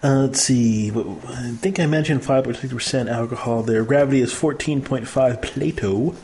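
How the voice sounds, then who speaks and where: A man's voice: mid-range voice, normal speed, darkish tone, a little hiss or hum. A man hosting a casual beer tasting chat, joking and describing flavors and brewery facts. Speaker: host.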